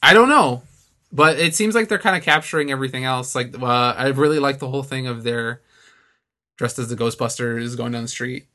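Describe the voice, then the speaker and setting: A man's voice: medium pitch, brisk, bright, forceful tone. A man co-hosting a casual podcast, laid-back and wry, often laughing. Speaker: podcast co-host. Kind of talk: casual chat.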